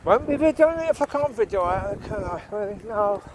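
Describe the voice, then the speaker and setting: A man's voice: high voice, lively intonation, fairly quick, a little hiss or hum, poor audio. A man vlogging while he walks his dogs along a rural path, rambling chattily and talking to the dogs. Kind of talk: casual talk while walking outdoors. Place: outdoors by water on a rural path.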